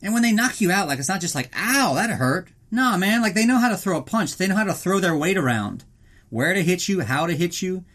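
A man's voice: sits high, expressive, fast talker, a bit bright. A man hosting a podcast, recapping a film in casual, rambling, profane talk and joking about himself in the third person. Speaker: podcast host.

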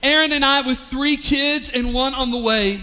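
A man's voice: extremely high pitch, steady tone, normal speed, bright, forceful tone, big-room sound. A man, a pastor delivering a heartfelt, emotional sermon to his church. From East Tennessee, US. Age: 40s. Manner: emotional, heartfelt, with frequent restarts. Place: large church hall.

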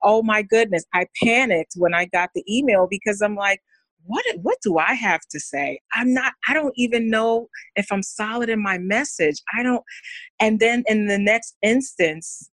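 A woman's voice: medium pitch, normal speed, fairly bright tone, no echo. A woman speaking as a guest on a podcast, earnest and candid about her own fears. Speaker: podcast guest, women's coach. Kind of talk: candid heartfelt interview talk.

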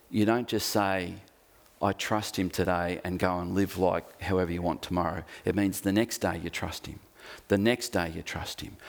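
Earnest preacher, low voice. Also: male voice. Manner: earnest, repetitive emphasis, slows down for scripture. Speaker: pastor. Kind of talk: sermon.

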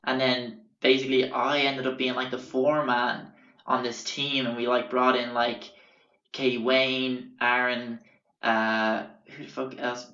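A young Irish podcast host tells stories casually in a bright, forceful, medium-pitched voice, speaking a little slowly with flat delivery. He rambles profanely with plenty of fillers and self-corrections, recorded with a roomy, dull lo-fi sound.

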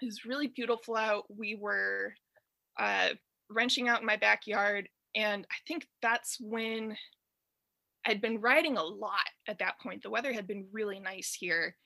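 A woman's voice: medium pitch, fairly even intonation, unhurried, gravelly, sharp tone, dry recording. A woman in her thirties from Detroit, with a Detroit accent tinged by years in the South, telling a rambling story with frequent laughs in a casual chat. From Detroit, USA. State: allergies, clearing throat. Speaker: guest storyteller. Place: in bed at home.

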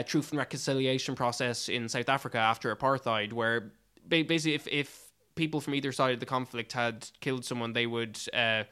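A man casually reviewing a film in conversation, animated and full of restarts, his pitch jumping up when he is incredulous. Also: clear, resonant tone. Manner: restarts and stumbles often.

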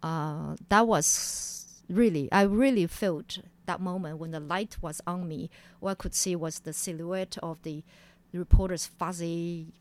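A woman's voice: on the low side, measured pace. Woman telling her story. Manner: animated, acts out quotes in a raised voice. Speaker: interview guest. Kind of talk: personal storytelling in an interview.

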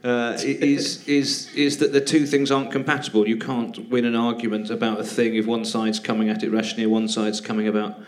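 This man talks his way round a thought, stopping and restarting with a string of small fillers. Underneath, his delivery stays dry and sardonic. His voice sits at an ordinary male pitch, as a comedian guest in a live podcast chat. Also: flat delivery, brisk, few pauses. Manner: hesitant, rambling, heavy on "sort of" fillers; wry, sardonic.

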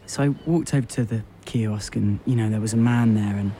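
A man's voice: fairly low pitch, a little fast, dark tone, a little hiss or hum. Rambling man telling a story. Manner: rambling, repetitive, full of fillers. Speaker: radio show host. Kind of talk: absurd deadpan storytelling monologue.

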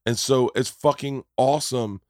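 A man's voice: medium pitch, normal speed, darkish tone, no room sound, studio quality. A man hosting a podcast on a tour bus, telling stories in a rambling, enthusiastic way and swearing often. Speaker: podcast host. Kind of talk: casual chat.

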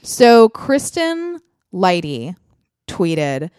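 A woman's voice: lowish voice, big pitch swings, very slow, darkish tone, clean tone, no echo, studio quality. A woman hosting a podcast in casual chat, talking freely with frequent laughs and fillers. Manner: chatty, laughs often, lots of fillers. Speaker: podcast host.

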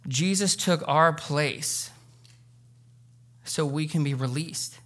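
Speaking slowly in a slightly high voice, a pastor addresses his congregation from a church sanctuary. His sermon is earnest and conversational, swelling now and then into loud bursts of emotion.

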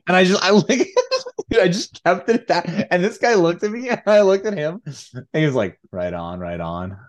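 A man's voice: sits high, very animated, moderate pace. A young man co-hosting a podcast, telling a story in a laid-back way, full of fillers and laughs. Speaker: podcast co-host and high school tennis coach. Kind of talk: casual storytelling chat.

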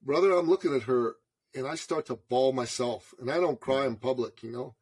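A man in his forties, a podcast guest from Canada, telling a story in an animated way and calling the host brother. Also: mid-range voice, a little fast, slightly rough. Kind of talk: storytelling interview.

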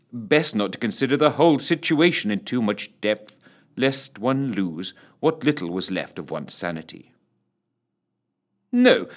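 A man narrating an audiobook in an expressive storytelling manner. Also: medium pitch.

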